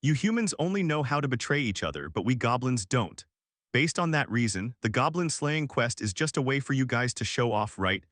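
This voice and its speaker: A man's voice: medium pitch, very animated, normal speed, fairly bright tone, no echo, clean studio sound. A man voicing a reckless young male gamer who sides with goblins, speaking in a mocking, taunting way.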